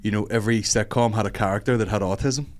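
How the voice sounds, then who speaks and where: A man's voice: fairly low pitch, fairly even intonation, fast talker. A man with a Northern Irish accent hosting a podcast in casual, sweary, jokey chat. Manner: sweary, jokey, slips into mock voices. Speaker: podcast host.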